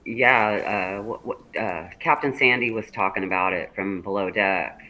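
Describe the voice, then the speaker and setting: A man's voice: fairly low pitch, normal speed, sharp tone. An older man on a live-stream chat, making chatty, folksy asides. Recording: dull audio with faint noise.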